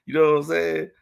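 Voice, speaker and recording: A man's voice: on the high side, gravelly, fairly bright tone, smooth. A man with a Texas accent hosting a casual livestream Q and A, talking loose street slang with lots of "you know what I'm saying". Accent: Texan. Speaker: livestream host.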